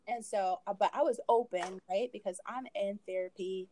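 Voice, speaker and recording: A woman's voice: mid-range voice, normal speed, few pauses, crowd noise. A woman in her thirties, a podcast guest, telling her own story in a candid, conversational way with frequent asides and laughter.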